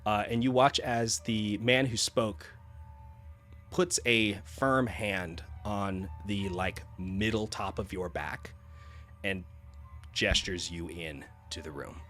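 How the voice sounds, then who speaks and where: Game master: low-pitched man, casual narration over faint music. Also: takes it slowly, a bit bright. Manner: casual with frequent fillers.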